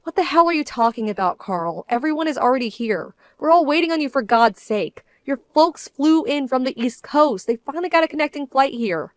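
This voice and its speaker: Female actor, firm bride-to-be, indignant and measured, a bit high. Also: expressive, no echo, studio quality. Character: hurt young bride-to-be, composed and firm. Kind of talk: dramatized story voice acting.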